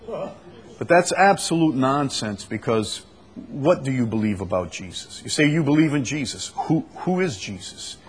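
A man's voice: medium pitch, lively intonation, moderate pace, a little hiss or hum. A man leading a church Bible study, preaching emphatically with repeated phrases and rhetorical questions.

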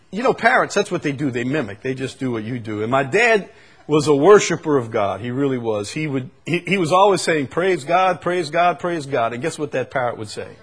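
A middle-aged male preacher giving a sermon, shifting from quiet musing to loud, emphatic outbursts. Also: fairly high pitch, slightly rough.

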